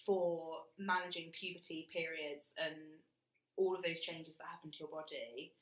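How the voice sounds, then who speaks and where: A woman co-hosting a podcast, telling stories frankly and in an animated way, often laughing. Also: deep voice, normal speed, reverberant, rough recording. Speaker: podcast co-host. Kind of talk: casual chat.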